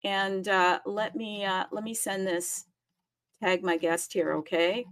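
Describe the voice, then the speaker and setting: Chatty bubbly lady hosting a live audio room, laughs a lot, voice jumps up when excited, dry close mic. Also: medium pitch, takes it slowly, dry recording. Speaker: host of a live audio space. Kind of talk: casual live-stream chat.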